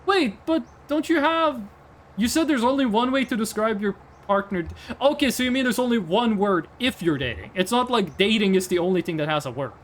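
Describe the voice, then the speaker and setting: A man's voice: sits high, expressive, brisk, slight background noise. A Norwegian man with a Norwegian accent, chatting casually as a streamer, rambling and swearing often. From Norway. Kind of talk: casual chat.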